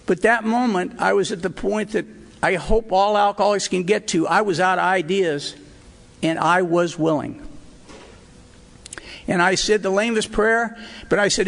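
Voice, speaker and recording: A man's voice: high-pitched, moderate pace, vocal fry, long pauses, a bit bright. An older man sharing his personal recovery story at a meeting, earnest and emotional, with wry asides. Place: hotel meeting hall. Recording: reverberant hall recording.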